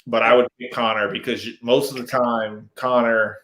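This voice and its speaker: A man with a mid-pitched voice chatting on a podcast. He is easygoing and laid-back. He often cuts in with follow-up questions. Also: flat delivery, normal speed, pushed and bright. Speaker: podcast co-host. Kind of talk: casual chat.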